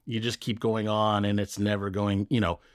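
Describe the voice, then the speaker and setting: A man's voice: fairly low pitch, little pitch movement, moderate pace, no echo, studio quality. A man co-hosting a podcast in loose, joking casual chat, swearing freely. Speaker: podcast co-host.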